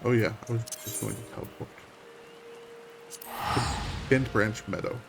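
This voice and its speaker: A man streaming a game, giving relaxed, wry commentary that half talks to himself. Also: mid-range voice, normal speed, creaky, music in the background. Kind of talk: casual gameplay commentary.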